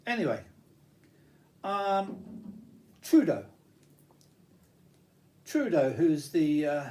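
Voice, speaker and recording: A man's voice: on the high side, darkish tone, slight background noise. An older man talking to camera in a rambling personal monologue, reminiscing with frequent restarts and fillers. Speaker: vlogger.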